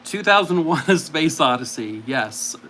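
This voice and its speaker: A man's voice: fairly high pitch, animated, measured pace, pushed and bright, a little hiss or hum. A man hosting a live game stream, chatting playfully and mocking himself with frequent laughs. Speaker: streamer host. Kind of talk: casual live-stream chat.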